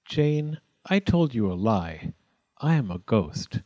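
A man's voice: fairly low pitch, very animated, slow pace, warm tone. Man playing a shy kindly ghost, hesitant, stammering, storybook reading. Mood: earnest.

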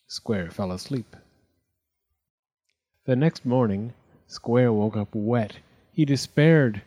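Slow, gentle man reading a picture book. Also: mid-range voice, expressive. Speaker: narrator. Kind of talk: children's picture book read-aloud.

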